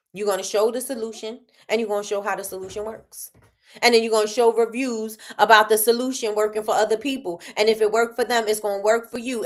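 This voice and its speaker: A woman hosting a casual livestream, talking business with lots of repetition and reading out chat comments. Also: a little high. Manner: animated, repeats phrases, reads chat aloud. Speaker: livestream host.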